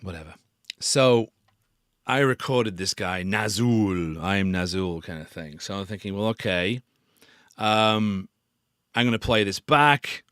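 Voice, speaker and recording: A man with a lowish voice talks through a live tutorial at an unhurried pace. He is casual and self-deprecating. The recording is dry and close. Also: a bit bright, clear, resonant tone, no echo. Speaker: sound designer hosting a tutorial.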